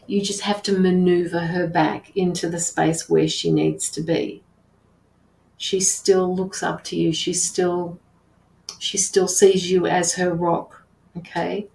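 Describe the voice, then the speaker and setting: A woman working as a tarot reader and medium, relaying messages in an earnest, halting way with many restarts. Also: on the low side, flat delivery, vocal fry, a little mellow, roomy sound, slight background noise, low-quality recording. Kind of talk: live intuitive reading.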